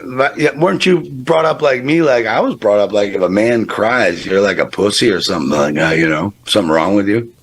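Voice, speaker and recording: A man's voice: lowish voice, fairly quick, few pauses, slightly rough. A man talking as a guest on a radio show, emphatic and blunt, swearing freely in casual chat.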